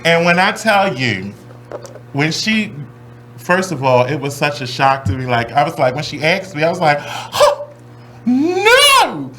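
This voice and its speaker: A man's voice: on the high side, animated, normal speed, a bit bright. A man hosting a talk show, telling a story with drama and laughter and putting on voices for the people in it. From Baltimore. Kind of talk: animated storytelling.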